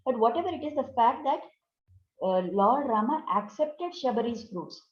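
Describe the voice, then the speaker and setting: A woman's voice: on the high side, lively intonation, normal speed, slight background noise. A woman giving a devotional talk on scripture as a spiritual teacher, explaining in a conversational way and often asking her listeners questions. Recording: roomy, dull lo-fi recording.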